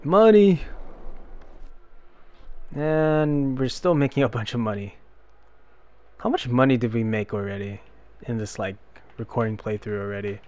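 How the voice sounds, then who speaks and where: A young man giving casual let's-play commentary, self-deprecating, with loud frustrated outbursts. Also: mid-range voice, measured pace, long pauses, no room sound. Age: young adult. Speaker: gameplay commentator.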